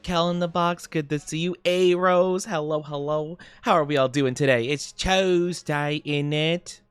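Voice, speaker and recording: A man's voice: a little high, fairly even intonation, normal speed, clean tone, no echo. A young man chatting casually on a live stream, upbeat and giggly as he greets his chat.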